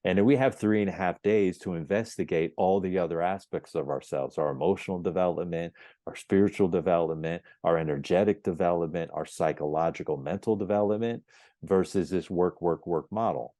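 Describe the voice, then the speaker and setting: Deep, mellow-voiced man telling a story. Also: a little fast, dry recording, clean studio sound. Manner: animated storyteller acting out quoted dialogue; emphatic and repetitive phrasing. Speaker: podcast guest. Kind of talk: storytelling in an interview.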